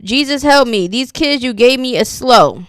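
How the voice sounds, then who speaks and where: A woman's voice: high-pitched, expressive, normal speed, fairly bright tone, no room sound, clean studio sound. Sassy woman dishing gossip commentary. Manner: sassy, reads posts aloud and reacts. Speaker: commentary channel host.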